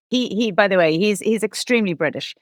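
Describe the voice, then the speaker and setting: A woman's voice: medium pitch, normal speed, dry recording, clean studio sound. A woman from Ireland, a guest in an interview, telling stories in a chatty way with lots of restarts and laughs. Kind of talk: casual interview chat.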